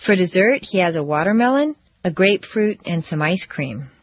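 A woman teaching English pronunciation, reading drill phrases slowly and deliberately with careful stress. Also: on the low side, animated, breathy edge, dry recording, muffled recording.

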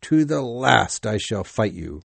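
A man voicing an obsessed old whaling captain who shouts wildly and then vows grim revenge. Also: lowish voice, sing-song, measured pace, creaky, breathy edge, no room sound, heavily acted. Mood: bitter. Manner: raging shouts turning to grim, bitter vows.

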